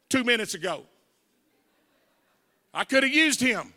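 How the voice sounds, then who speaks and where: A man in his forties with a Southern accent delivers his testimony as an evangelist, performing the voices of the people in his story, recorded in an echoing church hall. He sounds very high-pitched and sing-song, speaking a little slowly with frequent pauses and a sharp tone.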